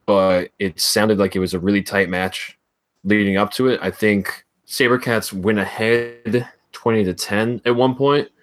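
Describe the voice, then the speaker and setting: A man's voice: fairly low pitch, steady tone, unhurried. A man co-hosting a casual sports podcast, hedging his points with plenty of fillers. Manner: hesitant, hedging, filler-heavy. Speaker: podcast co-host.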